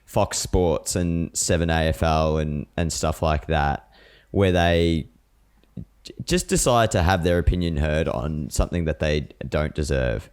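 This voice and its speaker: A man's voice: extremely low pitch, measured pace, a little mellow, clear, resonant tone. A man co-hosting a casual chat podcast, blunt and sweary as he rants. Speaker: podcast co-host.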